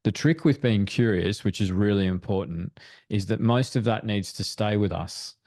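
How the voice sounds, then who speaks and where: A man's voice: lowish voice, moderate pace, darkish tone, no room sound, clean studio sound. A man speaking as a parenting expert guest in a webinar discussion, explaining in an earnest way. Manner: earnest, explanatory, acts out quoted thoughts.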